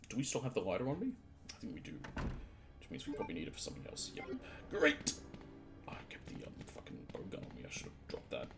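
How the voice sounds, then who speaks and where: A man's voice: deep voice, wildly swooping pitch, very fast, creaky. A man streaming a video game, chatting casually to himself as he plays, swearing, laughing and trailing off, shivering a little from the cold. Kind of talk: casual let's-play commentary.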